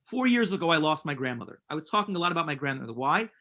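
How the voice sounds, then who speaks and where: Guy rabbi giving an inspiring class, kinda high voice, earnest, repeats stuff for emphasis. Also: big pitch swings, very fast, pushed and bright.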